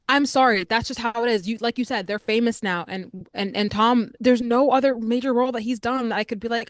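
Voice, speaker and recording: A young adult woman co-hosting a podcast, reviewing a film in casual, animated chat full of filler words. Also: a little high, brisk, hardly any pauses, no room sound, clean studio sound. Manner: chatty, animated, frequent "like" fillers. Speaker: podcast co-host.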